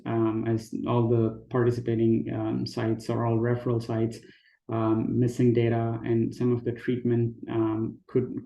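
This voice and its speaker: Hesitant man presenting research, gravelly and dark. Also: mid-range voice, roomy sound, muffled recording. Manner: hesitant, frequent fillers and restarts. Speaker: conference presenter. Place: conference talk, recorded remotely.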